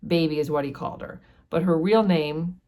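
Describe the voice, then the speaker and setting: A woman with a low, relaxed voice walks through a book chapter in a chatty teaching manner. She pauses often with fillers and talks the story over casually. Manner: chatty, explanatory, many fillers. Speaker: book study host.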